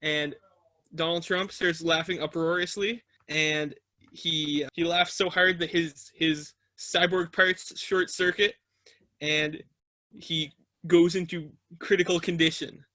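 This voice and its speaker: A young man tells an improvised story slowly and haltingly, filling pauses as he goes. His voice is bright and even, recorded close and dry. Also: fairly high pitch, dry recording. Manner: halting, many fillers. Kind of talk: improvised round-robin storytelling.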